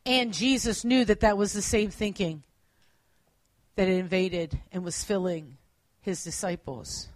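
A woman preacher giving a sermon, earnest, at times dropping to quiet emphasis and correcting herself as she goes. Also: medium pitch, measured pace, dry recording.

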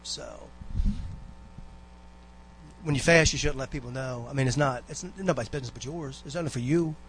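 A man's voice: mid-range voice, a little fast, a bit bright, a little hiss or hum. A man giving a rambling, folksy exhortation to a church congregation, full of asides and personal stories. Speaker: church member giving a talk.

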